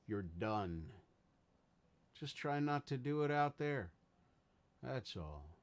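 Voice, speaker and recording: A man's voice: medium pitch, very animated, slow. A man hosting a casual livestream, talking earnestly and rambling as he greets viewers in chat. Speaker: livestream host.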